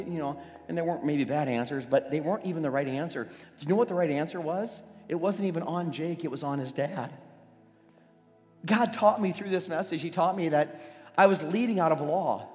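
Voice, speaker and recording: Pastor in his forties, slightly high voice, chatty sermon that builds to loud emphasis, long church-hall echo. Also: a little fast. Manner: conversational storytelling, restarts, swells to loud emphasis. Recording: long reverb of a church hall, faint music.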